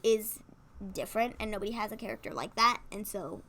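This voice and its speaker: A woman co-hosting a casual wrestling recap, telling stories in an excitable, animated way with lots of "like". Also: mid-range voice, a little fast. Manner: excitable, animated storyteller, fillers of "like". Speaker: co-host.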